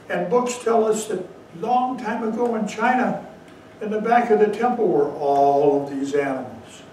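A man giving a dharma talk as a Zen teacher, telling stories with slow emphatic asides, recorded far from the mic in a very echoey hall. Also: sits high, darkish tone, slight background noise. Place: meditation hall.

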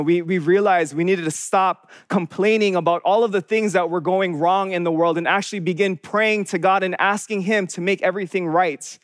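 A young man delivering a sermon as a college pastor, speaking earnestly in a loose, conversational way. His voice sits fairly high, and the recording is close and dry, with no room sound around him. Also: no room sound. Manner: earnest, conversational preaching with restarts.

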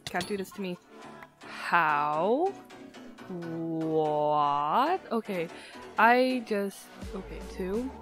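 A young woman gaming YouTuber gives casual gameplay commentary on a desktop mic without a face cam, her mid-range voice unhurried over soft background music. She's hyper, giggly, and excitable, swinging from loud shrieks to muttering, and a retainer slightly alters her pronunciation.

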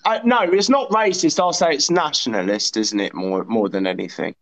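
A man's voice: medium pitch, normal speed, a bit bright. A man hosting a provocative livestream chat, teasing and needling his guest with mock self-importance. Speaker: livestream host.

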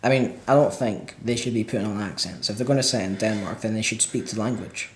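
A man's voice: on the low side, fast, a little hiss or hum. A man co-hosting a casual film chat, opinionated and steering the talk with questions. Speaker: film club co-host. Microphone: single microphone in front of a camera. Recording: roomy echo.

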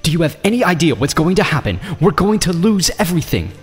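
A man's voice: fairly high pitch, big pitch swings, fast, husky, big-room sound, faint music behind, pitched above the performer's own voice. A man playing a scheming greedy wife. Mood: alarmed angry. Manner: sharp, demanding, emotional. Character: scheming greedy wife, young woman, quick-tempered.

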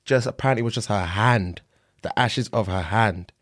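A man's voice: on the low side, normal speed, a bit bright. A young man co-hosting a podcast, riffing playfully and indignantly in an improvised skit. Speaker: podcast co-host.

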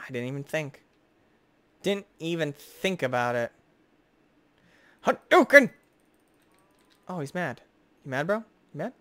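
A young man giving excitable, jokey gameplay commentary as host, chatting to the creatures on screen. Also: medium pitch, no echo. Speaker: gaming video host.

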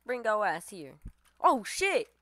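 Woman gamer, live commentary, animated voice that jumps up and down, cusses and trash-talks, dry close mic. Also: mid-range voice, slow, dry recording. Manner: excitable, swears, trash-talks opponents. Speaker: gamer streamer.

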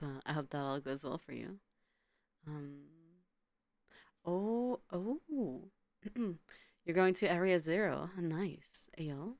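Giggly lady streamer chatting w viewers, kinda low voice, trips over her words. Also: no room sound. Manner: giggly, stammers and repeats words. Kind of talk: casual live-stream chat with viewers.

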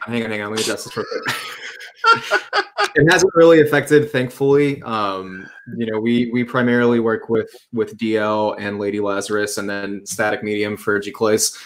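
A man hosting a casual podcast, relaxed, answering viewer questions with plenty of fillers. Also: lowish voice, moderate pace, a little hiss or hum. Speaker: podcast host. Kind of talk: casual chat.

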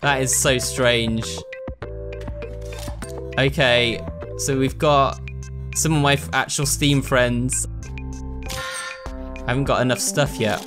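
A man's voice: medium pitch, fairly even intonation, slow pace, long pauses, over music. Chatty British man playing a game. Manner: chatty, talks himself through each move. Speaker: gaming YouTuber. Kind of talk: casual let's-play commentary.

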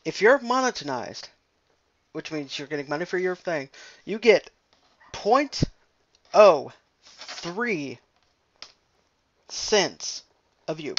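A man's voice: on the high side, very animated, slow pace, pauses often, lo-fi sound. A young man rambling casually and profanely while commenting on a game he is playing. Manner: rambling, profane, jokey, trails off. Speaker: gameplay commentator. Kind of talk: casual let's play commentary.

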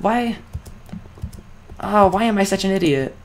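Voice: mid-range voice, animated, a little slow, a little mellow, a little hiss or hum. Exasperated young gameplay commentator. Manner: self-critical, exasperated talk to self. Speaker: let's play creator.

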